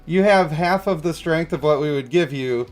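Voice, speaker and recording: A man's voice: fairly high pitch, normal speed, faint music behind. A man in his thirties streaming a game, rambling and chuckling as he answers chat. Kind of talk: casual livestream chat.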